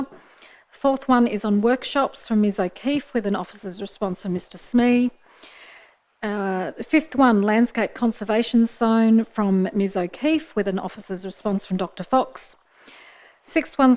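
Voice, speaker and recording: A woman, the mayor, chairing a formal council meeting into a desk microphone in a council chamber, with brisk procedural talk and light asides. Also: medium pitch, a little mellow, rough recording.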